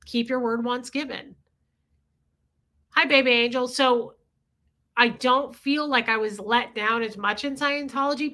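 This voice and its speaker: Reading chat and greeting her viewers, a woman in her forties hosts a livestream in a fairly high, pushed, bright voice. She's confessional and candid, with casual profanity.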